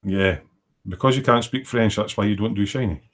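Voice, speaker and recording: A middle-aged man with a slightly low voice chats casually from his home workshop. He rambles from one thought to the next as he works, reading viewer comments aloud between tasks. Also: brisk. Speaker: livestream host. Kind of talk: casual chat while working.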